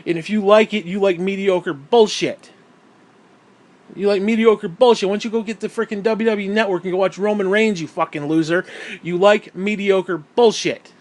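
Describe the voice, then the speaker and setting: Angry gamer guy with a higher-pitched voice, profane ranting monologue, recorded at home. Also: fairly even intonation, moderate pace. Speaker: gaming YouTuber. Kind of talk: angry gaming rant.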